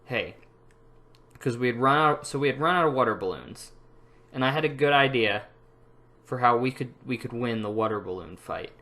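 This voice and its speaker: Speaking fairly quickly in a mid-range voice with a sharp tone, this young man vlogs casual tales about his life. He rambles, restarts often, leans on fillers and laughs at himself.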